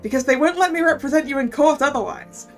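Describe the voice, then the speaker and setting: A woman's voice: high voice, fast, faint music behind, voice pushed up. A woman voicing a loyal young female assistant in a video game, speaking in an earnest, polite and composed way. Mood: pleased.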